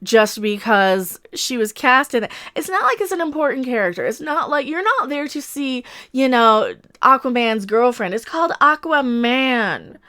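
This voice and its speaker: A woman with a high, smooth and clear voice rambles through casual opinion commentary. She is sarcastic and opinionated, talking to her viewers as an online commentator. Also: sing-song, normal speed, few pauses, bright, forceful tone.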